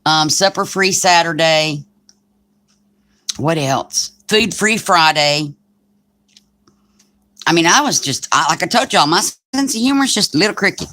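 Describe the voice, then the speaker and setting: A woman's voice: fairly low pitch, animated, a little slow, pauses often, sharp tone. A woman hosting a craft livestream, telling joking stories in a chatty way with frequent laughs. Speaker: craft channel host. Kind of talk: casual livestream chat.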